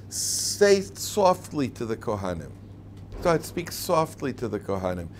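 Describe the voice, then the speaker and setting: A man's voice: mid-range voice, very animated, normal speed, slight background noise. A man teaching a casual Torah class, chatty and joking, acting out quoted lines. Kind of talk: informal classroom lecture.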